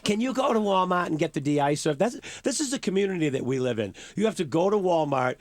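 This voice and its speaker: A man's voice: sits high, expressive, fast talker, no echo. A man from New England telling jokey stories as a comedian guest on morning radio, acting out the voices of the people in his stories. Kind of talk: comic storytelling on morning radio. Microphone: radio studio mic.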